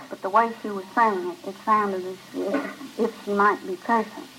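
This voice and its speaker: A woman narrating a short story in a measured, even voice. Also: mid-range voice, noisy background. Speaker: reader.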